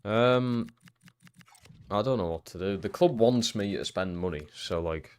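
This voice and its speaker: A young man streaming a football career game, chatting casually and swearing freely, jumping into loud excited shouts at big moments. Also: on the low side, a little slow, clear, resonant tone. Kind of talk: live-streamed gameplay commentary.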